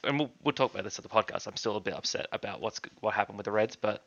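A man's voice: lowish voice, racing, a bit bright, dry recording. An Australian man co-hosting a casual rugby podcast chat, earnest and prone to stumbling and repeating words. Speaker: podcast co-host. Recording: dry, slightly dull mic.

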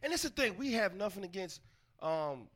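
A man's voice: high voice, normal speed. A man co-hosting a casual podcast chat, telling a story with lots of laughs and acted-out quotes. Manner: animated, laughing storyteller who acts out quotes. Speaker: podcast host.

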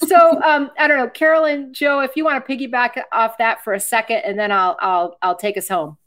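A woman's voice: a little high, steady tone, brisk, fairly bright tone. A Gen X woman from Michigan hosting a podcast, talking earnestly and rambling with many fillers and restarts. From Michigan, USA. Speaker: podcast host. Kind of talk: casual podcast chat.

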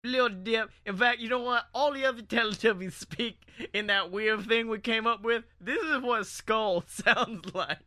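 A man from Alabama co-hosts a comedy podcast with a high, bright voice. He talks in crude, profane banter. He laughs often at his own jokes. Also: moderate pace, hardly any pauses. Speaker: podcast co-host.

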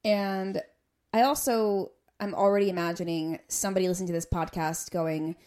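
A woman's voice: fairly low pitch, fairly even intonation, normal speed, darkish tone. A woman hosting a podcast, talking in an earnest, explanatory way and building careful arguments. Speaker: podcast host. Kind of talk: casual podcast discussion.

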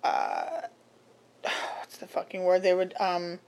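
A woman's voice: lowish voice, wildly swooping pitch, slow pace, creaky, a little mellow. A young woman chatting casually, telling rambling restaurant stories with swearing and lots of fillers. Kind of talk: casual podcast chat.

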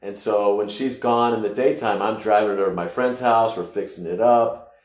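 A man from the United States telling a personal story casually, rambling with halting restarts and sudden loud bursts. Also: lowish voice, steady tone. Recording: echoey room.

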